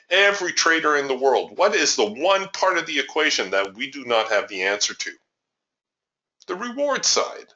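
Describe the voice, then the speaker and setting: Animated man teaching trading over lo-fi audio. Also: mid-range voice. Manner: emphatic, rhetorical questions to the audience. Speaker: trading educator. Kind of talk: webinar lesson over a chart. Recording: muffled lo-fi webinar audio.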